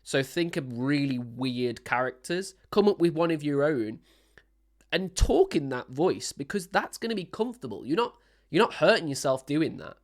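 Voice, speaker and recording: A man's voice: a little high, lively intonation, normal speed. A man who is a singer-songwriter, giving casual, enthusiastic commentary while reacting to a song, rambling with many restarts. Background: song playing faintly.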